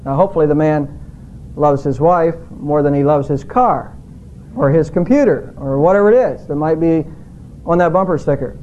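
Middle-aged pastor guy preaching, high-ish voice, slow on the verses, kinda muffled church tape. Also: mellow, a little hiss or hum. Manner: measured preaching, slows on scripture quotes. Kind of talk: sermon.

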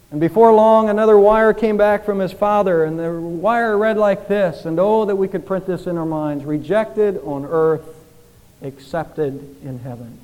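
A man's voice: high-pitched, a little mellow. A man preaching a sermon as pastor, earnest and pleading, with rhetorical questions that rise and fall in intensity. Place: church sanctuary. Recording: church hall with long reverb.

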